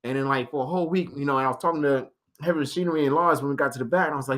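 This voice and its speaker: A man's voice: mid-range voice, very fast. A young man, a pro wrestler guest on a podcast, telling a story in casual chat, laughing often and acting out the lines of others. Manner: animated, acts out quoted dialogue in changing voices.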